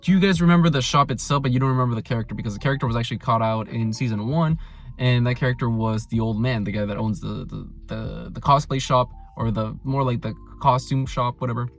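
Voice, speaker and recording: A man's voice: mid-range voice, quick pace, soft background music. A young man casually reviewing an anime episode, rambling with lots of "like" and restarts. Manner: animated paraphrasing of characters.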